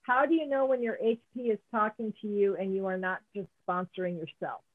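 A woman's voice: medium pitch, fairly even intonation, a little fast. A woman moderating a meeting, reading audience questions aloud in a plain, matter-of-fact way. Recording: tinny phone-like line.

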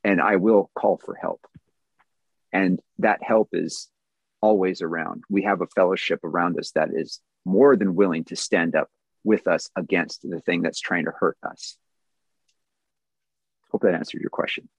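A man's voice: low-pitched, fairly even intonation, a little slow, long pauses, husky, no room sound, rough recording. A man in his thirties giving an earnest, candid personal testimony at a recovery meeting, answering questions with small self-deprecating laughs.

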